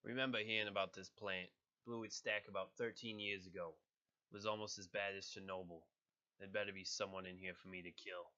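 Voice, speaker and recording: A man's voice: sits low, fairly even intonation, brisk, bright, forceful tone, highs cut off. A man doing a New York-accented brutal mercenary. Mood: menacing. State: sick, slightly nasal. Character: brutal male mercenary, boastful killer.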